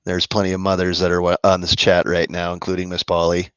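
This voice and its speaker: A man co-hosting a casual live-stream chat, talking in a friendly, rambling way with many halting restarts. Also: deep voice, monotone, fairly bright tone, clean tone, no room sound. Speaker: co-host of a musicians' live chat. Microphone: video call. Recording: dull lo-fi stream audio.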